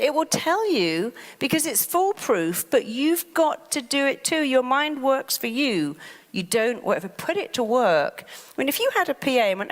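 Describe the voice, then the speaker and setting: A woman therapist giving a lively motivational talk who often acts out anxious inner voices. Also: high-pitched, normal speed, big-room sound.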